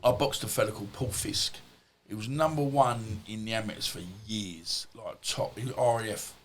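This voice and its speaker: A man's voice: on the low side, moderate pace, a bit bright, a little hiss or hum. A middle-aged man, a former boxer and podcast guest, telling casual stories in a rambling, anecdotal way full of asides. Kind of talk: casual storytelling.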